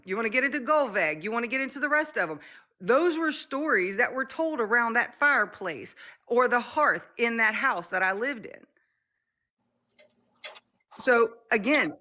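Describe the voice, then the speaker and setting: A woman hosting a casual group talk with a bright, forceful voice. She speaks earnestly and reflectively, pressing her points with emphasis. Some background noise sits under her mic. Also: on the high side. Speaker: podcast host.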